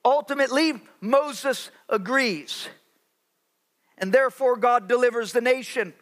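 In a church sanctuary, a man delivers a sermon in a high, bright voice, pausing dramatically for effect. He gives voice to characters from the Bible as he preaches.

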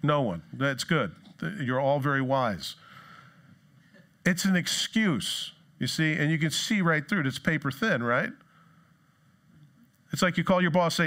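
A man preaching a sermon in a casual, joking way, acting out quoted excuses in higher, put-on voices. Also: animated, moderate pace, pauses often, a bit bright. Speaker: pastor. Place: church.

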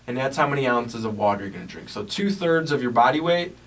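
A man's voice: medium pitch, lively intonation, fast, fairly bright tone, slight background noise. A man hosting a podcast in a small studio, chatting casually in a rambling, upbeat way full of filler words. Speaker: podcast host. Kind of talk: casual radio-style chat. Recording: distant mic, roomy sound.

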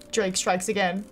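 A woman's voice: medium pitch, a little hiss or hum. A young woman streaming a game, chatting to her viewers and giggling often as she plays. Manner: chatty, giggly, talks to chat while playing. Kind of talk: casual live-stream gameplay chat. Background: game music.

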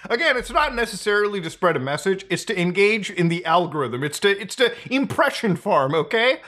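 A man's voice: sits high, sing-song, fairly quick, pushed and bright. A man hosting a casual commentary, sarcastic and often breaking into laughter. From North America. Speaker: commentary host.

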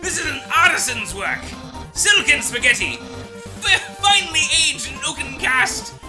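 Papyrus, a booming bragging skeleton. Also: male voice, big pitch swings, moderate pace, over music, poor audio. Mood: boastful. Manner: loud, theatrical, self-aggrandizing proclamations. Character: boastful excitable skeleton man. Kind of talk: voicing game dialogue in a let's play.

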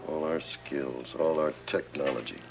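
A weary senior doctor with an extremely deep, gravelly voice. He murmurs heavily, sounding close to despair. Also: a little slow, over music, full character voice, rough recording. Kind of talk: 1980s daytime soap acting.

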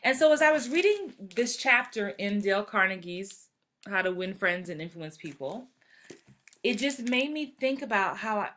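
Bright-voiced woman in her forties, animated. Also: medium pitch, normal speed. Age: 40s. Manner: animated, acts out quoted voices. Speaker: acting coach. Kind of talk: live-streamed motivational talk.

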